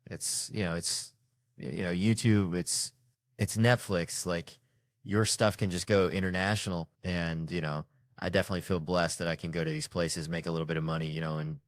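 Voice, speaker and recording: An American man, a comedian guest, telling stories in a casual, rambling, self-mocking way with quick asides. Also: low voice, little pitch movement, no room sound, clean studio sound. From United States. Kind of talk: casual storytelling chat.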